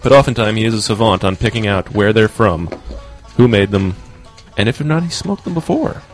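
A man's voice: on the low side, expressive, fairly quick, soft background music. A man co-hosting a radio show, chatting casually and introducing the segment. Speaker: radio co-host.

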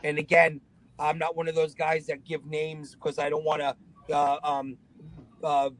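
Animated New man telling stories. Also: on the high side, low-quality recording. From Long Island, New York. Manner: animated, acts out other people's voices in his anecdotes. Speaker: guest. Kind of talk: casual storytelling.

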